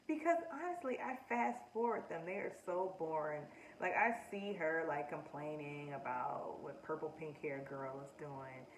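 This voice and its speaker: Lower-voiced woman, opinionated review chat. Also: slight background noise. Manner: animated, opinionated, talks straight to viewers. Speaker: show reviewer. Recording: echoey room, distant mic, faint ambience.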